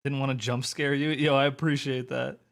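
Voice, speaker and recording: A young man in a relaxed live-stream chat, talking loosely to his audience with a casual, chatty manner and a bit of swearing. His voice sits at an ordinary middle pitch for a man. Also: moderate pace, vocal fry. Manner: laid-back, chatty, talks to his chat, mild swearing.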